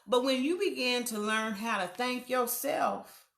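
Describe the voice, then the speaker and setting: A middle-aged woman hosts a live online talk show, reading viewer comments in a warm, affirming, playful way and laughing often. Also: fairly high pitch, measured pace, creaky, roomy sound.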